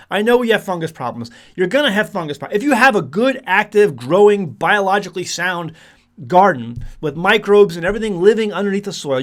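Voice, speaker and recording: A man's voice: high-pitched, fairly bright tone. A man casually talking to the camera about his homestead, rambling along with restarts, fillers and frequent chuckles. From United States. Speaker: homesteading vlogger.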